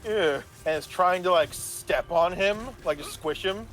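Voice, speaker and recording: Guy with a high voice telling a game story, rambly, says right a lot, swears. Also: steady tone, normal speed, a bit bright. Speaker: game master. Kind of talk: casual storytelling about a tabletop game.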